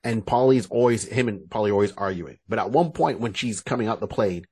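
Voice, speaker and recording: A man's voice: lowish voice, brisk, breathy edge. A man co-hosting a podcast, chatting casually about a movie and acting out its dialogue. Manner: lively, acts out movie dialogue. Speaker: podcast co-host. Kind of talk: casual chat.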